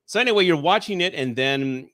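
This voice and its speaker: A man's voice: on the high side, animated, a little fast, a bit bright, no echo, studio quality. A man in his forties, a guest on a casual podcast chat, telling nostalgic stories with many restarts. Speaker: guest reviewer.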